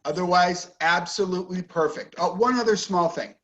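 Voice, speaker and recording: A man's voice: high-pitched, normal speed, a bit bright, poor audio. A man teaching an online English class, patiently correcting pronunciation and sentence stress. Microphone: video call.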